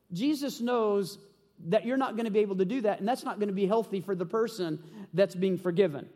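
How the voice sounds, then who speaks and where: Male pastor, sermon, high-pitched voice, animated preaching, scripture reading, long hall reverb. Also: fast. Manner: animated preaching, reading scripture aloud, asking the congregation questions.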